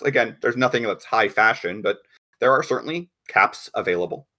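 A man with a lowish but bright, lively voice runs a tabletop game. He rambles easily through his descriptions, full of fillers and restarts. His pitch swings around a lot as he narrates. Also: a little fast. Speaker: game master.

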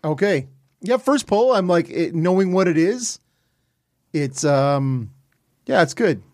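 A man's voice: a little high, lively intonation, slow, darkish tone, no room sound, studio quality. A man co-hosting a casual beer podcast, wry and joking, poking fun at himself. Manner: wry, joking, self-deprecating. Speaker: podcast co-host. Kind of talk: casual beer-tasting chat.

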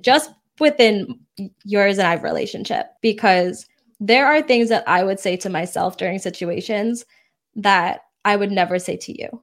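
A woman co-hosting a podcast in casual chat, earnest and candid. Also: medium pitch. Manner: earnest, candid, quick bursts. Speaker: podcast co-host.

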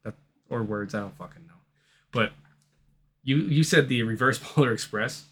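A man's voice: medium pitch, normal speed, husky. A man hosting a horror movie podcast, chatting in a crude, rambling way and laughing easily. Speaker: podcast host. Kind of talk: casual podcast chat.

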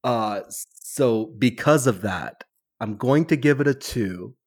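A man's voice: mid-range voice, expressive, takes it slowly, no echo, clean studio sound. A man co-hosting a movie podcast, laying out a rating system and his verdict in a plain, matter-of-fact way. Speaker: podcast co-host. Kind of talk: casual chat.

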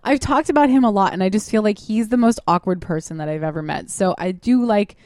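A woman co-hosting a casual chat show, rambling and animated and mimicking other people for laughs. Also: medium pitch, a little fast, dry recording, studio quality. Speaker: podcast co-host. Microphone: studio microphone.

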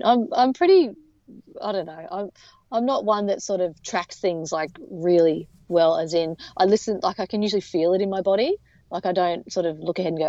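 An interview guest, a woman with a medium-pitched voice at normal speed, tells her story casually, full of fillers and restarts. The recording is dull and lo-fi, without echo.

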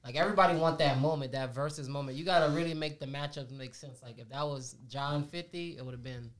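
A man's voice: fairly high pitch, fast talker, a bit bright. A man, co-hosting a podcast in casual, slangy banter and laughing often. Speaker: podcast co-host. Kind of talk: casual chat.

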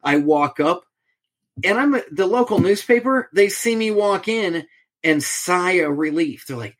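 A middle-aged man tells a story as a podcast guest, in a voice that sits a little high for a man. He acts out each side of the conversation, changing his voice for each speaker. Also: measured pace. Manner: animated storyteller, acts out quoted exchanges.

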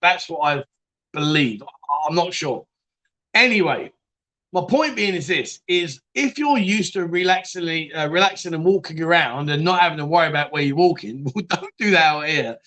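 Chatty man, bright and high. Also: expressive, normal speed. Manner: chatty, laughs often, trails off and restarts. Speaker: live chat show host reading viewer comments. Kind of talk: casual live-stream chat.

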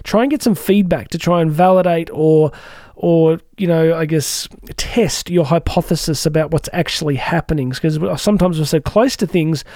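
Male podcast host, dry close sound, warm dark timbre, conversational coach with frequent asides. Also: fairly high pitch, normal speed, dry recording. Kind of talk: reflective podcast talk on personal growth.

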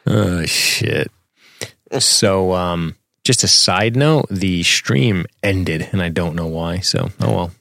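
A man with a low-pitched voice co-hosts a relaxed podcast. His banter is crude and jokey, with frequent laughter, recorded dry and close at a home setup. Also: takes it slowly, vocal fry, no room sound. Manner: joking, profane, laughs often. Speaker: podcast co-host. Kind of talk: casual movie commentary chat.

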